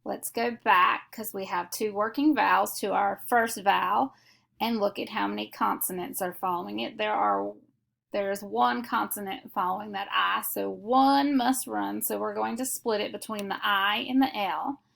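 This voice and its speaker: A woman teaching a phonics lesson, explaining each step slowly and methodically. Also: mid-range voice, gravelly, fairly bright tone. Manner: slow, deliberate, methodical explanation.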